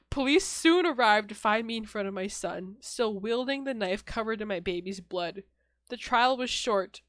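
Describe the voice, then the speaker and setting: A young woman co-hosting a podcast, reading a horror story aloud in a flat, deadpan way, often breaking off to laugh and swear. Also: medium pitch, moderate pace, dry recording. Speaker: podcast co-host.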